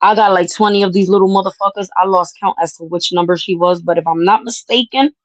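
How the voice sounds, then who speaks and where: A woman spins a family story in blunt, cursing, lively talk. Her voice sits at a middle pitch and the sound is dry and close, with no room around it. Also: fast talker, no echo, muffled recording. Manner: brash, profane, animated storyteller. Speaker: podcast host. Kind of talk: casual storytelling chat.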